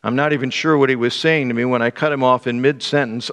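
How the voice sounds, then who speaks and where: A man preaching a sermon and reading an excerpt aloud, with a measured, deliberate delivery. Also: mid-range voice, fairly even intonation, a bit bright, smooth, long reverb tail. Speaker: pastor.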